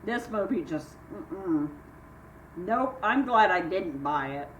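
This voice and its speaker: A woman's voice: expressive, takes it slowly. An older woman vlogging from home in casual chat, rambling through stories and acting out what people said. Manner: chatty, rambling, acts out quoted voices with sharp jumps in pitch. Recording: echoey room, mic at a distance, faint hiss.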